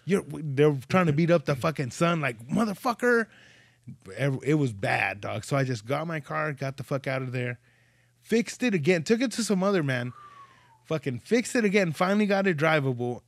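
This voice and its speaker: A man's voice: a little high, lively intonation, normal speed, creaky, dry recording. A man hosting a podcast, casually telling profane stories and acting out the dialogue. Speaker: podcast host. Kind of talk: casual chat.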